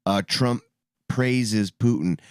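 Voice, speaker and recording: A man co-hosting a casual podcast chat, often pausing to search for words. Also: mid-range voice, darkish tone, smooth, no room sound, clean studio sound. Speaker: podcast co-host.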